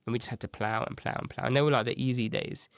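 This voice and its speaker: A man, an agency founder telling stories in a casual interview, animated and acting out the voices of people he quotes. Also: mid-range voice, racing, no echo. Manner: animated, acts out quoted dialogue, frequent "right?". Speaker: agency founder, podcast guest.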